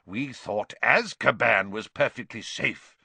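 A man's voice: mid-range voice, slow, creaky, sharp tone, slightly rough, no room sound, full character voice. A man voicing a worried, insistent middle-aged father in an audiobook reading, speaking urgently and emphatically.

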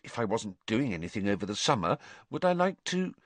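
A man voicing a clever, bossy teenage schoolgirl witch, talking quickly and emphatically. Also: fairly low pitch, big pitch swings, dry recording. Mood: puzzled.

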